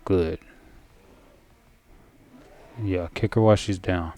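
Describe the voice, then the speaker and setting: A man giving casual commentary as he plays a video game, thinking aloud in a relaxed way. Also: deep voice, a little slow.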